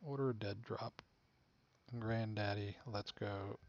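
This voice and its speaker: A man's voice: on the low side, fairly even intonation, slow pace, highs cut off. A man talking casually to himself while playing a video game, laid-back and muttering. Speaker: game streamer. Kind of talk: casual gameplay commentary.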